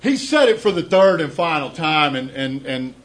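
A middle-aged man recounts his recovery story to an audience in a highish voice with big pitch swings, at normal speed. He's candid, self-deprecating, and often repeats words to start a thought. The rough recording has a little hiss or hum.

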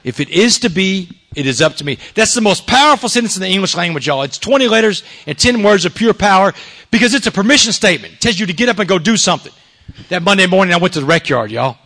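A man's voice: high voice, pushed and bright. A man from Texas with a Southern accent telling his life story to an audience, emphatic, tossing in "man" and "y'all". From Texas, USA.

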